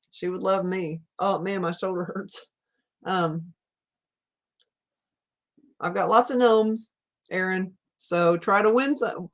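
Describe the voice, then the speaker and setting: A woman with a Southern US accent hosting a casual livestream, chatting in a rambling way, laughing often and reading viewer comments aloud. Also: medium pitch. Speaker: livestream host. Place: home room at night.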